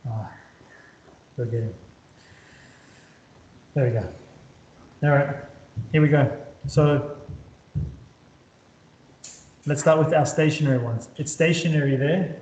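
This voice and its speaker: In an echoey room, a maths tutor with a slightly mellow mid-range voice works through calculus at a whiteboard, speaking slowly and pausing often. He repeats words as he draws and keeps quizzing his student, and the sound is lo-fi.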